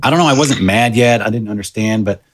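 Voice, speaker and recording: A man in his thirties, a podcast guest, telling a personal story in a casual, halting way with many fillers and restarts. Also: fairly low pitch.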